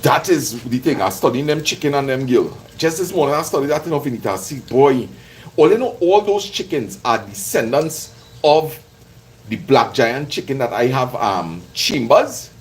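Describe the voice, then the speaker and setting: A man with a Trinidadian accent cooks at his kitchen stove while chatting with and teasing his live viewers over the sizzle of frying. His mid-range voice has lively intonation at a normal speed, and the recording is rough.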